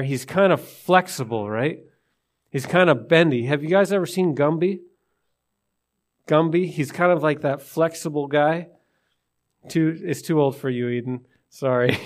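A man preaching to his congregation, retelling a scripture story and asking listeners questions. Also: on the high side. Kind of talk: sermon.

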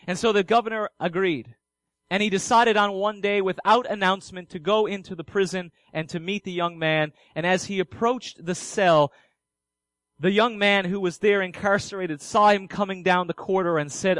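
An earnest male preacher delivering a sermon, asking questions and answering them himself. His voice sits high for a man. The sound is dry and close. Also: brisk, fairly bright tone, no room sound, rough recording.

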